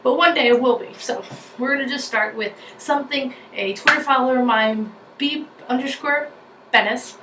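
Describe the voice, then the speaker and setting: A chatty young woman with a New York accent talks to her viewers in a bubbly, rambling way. Her voice sounds a little distant from the mic in an echoey room. A steady background hiss runs under everything. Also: fairly high pitch. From New Jersey. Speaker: YouTuber. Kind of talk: casual vlog chat.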